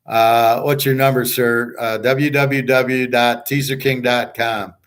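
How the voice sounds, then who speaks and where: A man's voice: medium pitch, flat delivery, slow, a bit bright. A man hosting a live sports betting stream, telling a rambling, boastful story in a blunt, combative way and swearing often. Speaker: sports betting show host.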